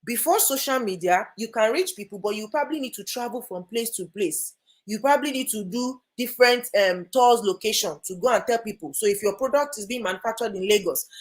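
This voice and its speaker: Energetic Nigerian woman. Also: mid-range voice. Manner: energetic and emphatic. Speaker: guest speaker. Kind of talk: lively interview talk.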